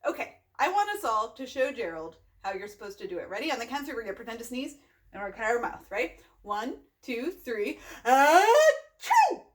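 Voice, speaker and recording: A woman hosting a children's storytime, reading a picture book aloud and gently asking the listeners questions. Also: a little high, animated, fast talker. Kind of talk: interactive read-aloud for children.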